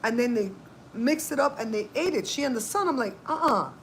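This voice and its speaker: A woman's voice: fairly high pitch, brisk, slight background noise, poor audio. A woman hosting a cooking channel, talking in a casual, sassy, chatty way. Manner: animated, chatty, sassy asides. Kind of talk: casual chat.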